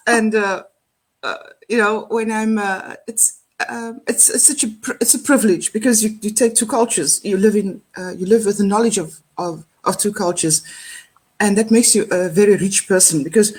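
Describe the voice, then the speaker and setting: A woman's voice: mid-range voice, steady tone, moderate pace, darkish tone, husky. A middle-aged woman from South Africa with a South African accent, speaking reflectively as an interview guest, with many fillers and restarts. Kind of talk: casual interview conversation.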